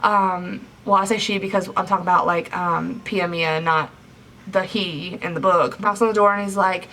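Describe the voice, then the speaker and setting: A woman's voice: fairly low pitch, steady tone, normal speed, fairly bright tone. A young adult woman recapping a novel for a book review vlog, chatty and full of 'like' fillers. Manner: chatty, filler-heavy retelling with lots of 'like'. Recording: slightly distant mic, faint background hiss.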